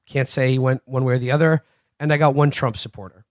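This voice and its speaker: A man's voice: medium pitch, fairly even intonation, quick pace, no echo, clean studio sound. Profane, rambling male podcast host. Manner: profane, rambling with repeated restarts. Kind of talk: casual chat, storytelling anecdotes.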